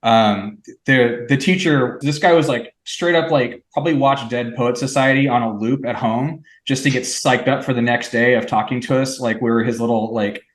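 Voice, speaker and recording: A middle-aged man in casual chat with old friends, relaxed and thoughtful, with lots of fillers. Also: medium pitch, normal speed, hardly any pauses. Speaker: podcast co-host. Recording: echoey room.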